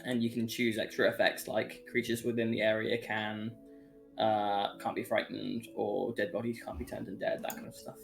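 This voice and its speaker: A man's voice: fairly low pitch, flat delivery, normal speed, vocal fry. Brummie man reading rules aloud. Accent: Birmingham. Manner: casual, reads rules aloud with fillers. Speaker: player. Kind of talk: casual tabletop game chat. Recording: music bed under voice.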